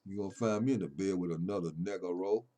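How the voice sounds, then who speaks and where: At a slightly fast clip, a poet delivers a fervent spoken piece about his poems. He sounds preachy and forceful, now declaiming loudly, now dropping to a soft, intimate murmur.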